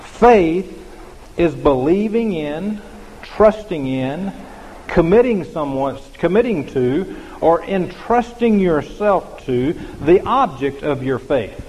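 A man's voice: on the high side, animated, slow, a little mellow. Male pastor, homespun conversational sermon, long hall reverb, faint room hum. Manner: conversational preaching with many fillers and restarts.

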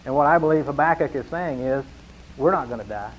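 A man's voice: medium pitch, a little fast, muffled recording. A man preaching a sermon in an earnest way, pressing his points and reading scripture with growing force.

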